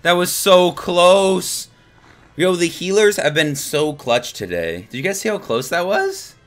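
A young man giving live, excitable gameplay commentary to his chat, swearing and laughing as he plays. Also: high-pitched, unhurried. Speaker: streamer.

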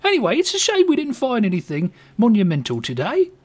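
A man's voice: wildly swooping pitch, brisk, a little mellow, slightly rough, exaggerated voice. A man putting on a sing-song English mudlark. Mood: cheery. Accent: bad put-on English accent. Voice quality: high, sing-song, swooping. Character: cheery male English mudlark, chatty friend.

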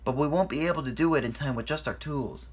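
A man's voice: a little high, fast, breathy edge, pitched above the performer's own voice. A man voicing an upbeat male railway workman. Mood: chipper.

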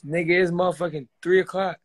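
Tired, grumbling higher-voiced man. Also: fairly even intonation, fast. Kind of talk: casual banter.

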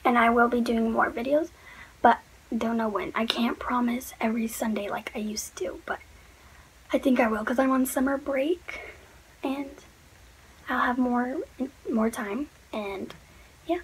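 A woman's voice: fairly high pitch, fairly even intonation, a little slow, slight background noise, poor audio. A teenage girl telling a personal storytime vlog in a chatty, rambling way, full of "like"s. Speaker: vlogger.

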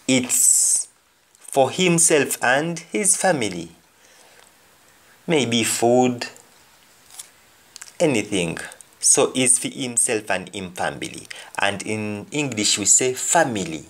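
A man teaching a language lesson, repeating each example phrase deliberately. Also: mid-range voice, big pitch swings, a bit bright.

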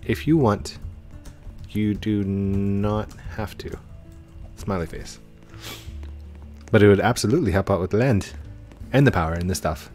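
A young man hosting a gaming channel, giving chatty, excitable gameplay commentary with frequent exclamations. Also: on the low side, a little slow, long pauses, faint music behind.

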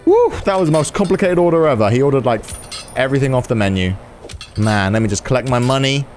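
A man hosting a gaming video, giving excitable let's-play commentary, swearing and yelling in reaction. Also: mid-range voice, fast, soft background music.

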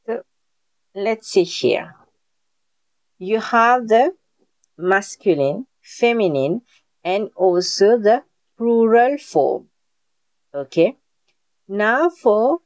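A woman's voice: mid-range voice, expressive, very slow, pauses often, a little mellow, no echo. A woman whose first language is French, teaching a live online beginner class in a patient, repetitive way and checking in with her students often. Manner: patient, repeats points and checks in with "Okay?". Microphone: video call.

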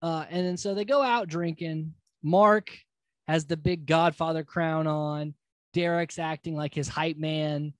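A man's voice: a little high, fairly even intonation, measured pace, no echo. A man hosting a podcast, recapping a reality TV episode in a loose, rambling way with fillers and casual swearing. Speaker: podcast host.

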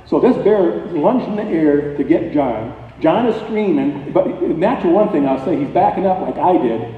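A man's voice: fairly high pitch, normal speed. Folksy man telling a story in an echoey hall. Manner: folksy, animated storyteller, grows louder at tense moments. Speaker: guest speaker. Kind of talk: telling a personal story to an audience. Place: chapel hall at a dinner event. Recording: tinny, echoey hall, voice far from the mic.

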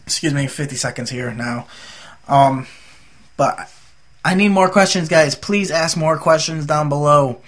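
A man's voice: a little high, unhurried, a bit bright. A tired young man from the United States rambling through a casual, jokey vlog update as a gaming YouTuber.

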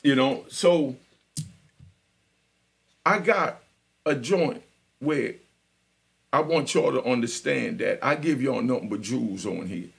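A man's voice: mid-range voice, slow, vocal fry, long pauses. A man from Jamaica, hosting a live podcast and telling his life story in a street-talk style, often checking that listeners understand. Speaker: podcast host.

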